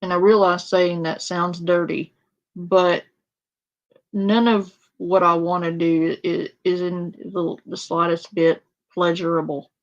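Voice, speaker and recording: A woman with a lowish voice speaks slowly and evenly, her lo-fi recording carrying a crude, sarcastic rant about another streamer. It's casual commentary, and she mocks her target with a whiny imitation.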